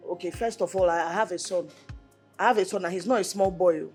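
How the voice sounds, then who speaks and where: A woman's voice: fairly low pitch, steady tone, a little fast, darkish tone, soft background music, close to an everyday voice. An actress with a Nigerian English accent playing a hesitant, guarded middle-aged woman. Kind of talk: film drama acting.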